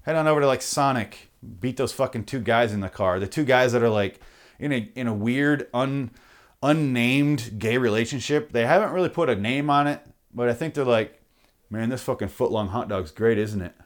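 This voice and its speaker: A man's voice: mid-range voice, moderate pace. Male podcast host, rambling outro, profane, jokey rants.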